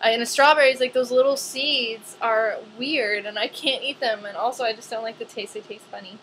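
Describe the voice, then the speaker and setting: Young woman, bright high voice, chatty vlog rant, faint background hiss. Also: fairly quick, rough recording. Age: young adult. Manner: chatty, animated, frequent "like".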